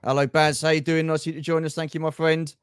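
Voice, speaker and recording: A middle-aged man co-hosts a football livestream, talking in a loose and chatty way and greeting people by name. His voice sits a little high for a man. The sound is dry and close. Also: level tone, quick pace, clear, resonant tone, no echo. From England. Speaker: livestream co-host. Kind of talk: casual football chat.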